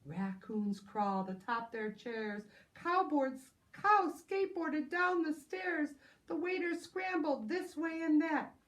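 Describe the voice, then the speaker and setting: A woman preschool teacher reading a picture book aloud to children, animated and exclaiming in a sing-song way. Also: high voice, takes it slowly.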